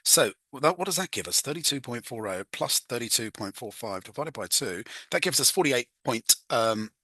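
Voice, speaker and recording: Guy doing a casual chem walkthrough, bright voice, dry close mic, hums and jokes at himself. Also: mid-range voice, lively intonation, normal speed, slightly rough, no echo. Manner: chatty, self-mocking, hums "da da" while working. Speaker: chemistry tutor.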